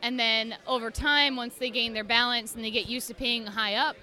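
A young woman cosplayer, a podcast guest, telling stories in a lively, laughing way. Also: fairly high pitch, moderate pace. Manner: animated, laughing storyteller. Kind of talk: casual podcast chat.

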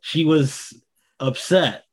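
Husky older man co-hosting radio. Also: fairly high pitch, drawn-out words. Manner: easygoing storyteller, chuckles while talking. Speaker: radio co-host. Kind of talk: casual radio chat.

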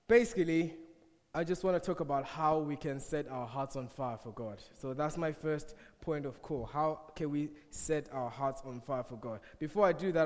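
Young man, African accent, slightly high voice, joking youth-church speaker in a reverberant hall. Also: darkish tone. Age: young adult. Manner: playful, teasing asides to the crowd. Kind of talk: church talk with jokes.

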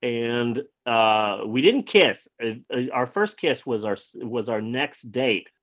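A man casually telling a personal story, animated, stumbling over and repeating words, and swearing freely. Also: medium pitch, takes it slowly, muffled recording. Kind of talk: casual anecdote.

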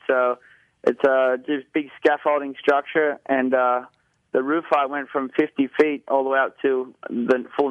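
A male guest answers questions in a casual, halting way, filling gaps with uh and you know. His voice is mid-pitched. The line sounds dull and dry. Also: dry recording. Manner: halting, lots of fillers.

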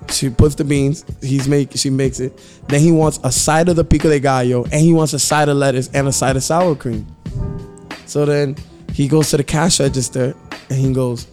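A man telling funny work stories in a loose, casual chat. He is animated, laughs often, and slips into his customers' voices to act them out. Faint music plays under his voice. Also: medium pitch, moderate pace.

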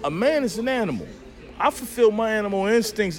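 Speaking fast in a voice that sits high, a male podcast guest recounts something that happened to him, cursing casually and performing the dialogue with lively energy.

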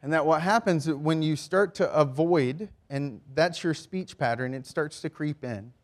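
A man preaching a sermon, his voice sitting somewhat high for a man. He talks in a lively, expressive way and often acts out remarks in a raised voice. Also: measured pace. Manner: lively, mimics passive-aggressive remarks in a high voice. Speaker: pastor.

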